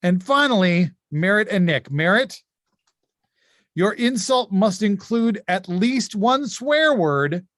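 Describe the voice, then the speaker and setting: A man hosting a streamed insult comedy game, brisk and joking, often laughing as he reads out the rules. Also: sits high, expressive, fairly bright tone, no echo, studio quality.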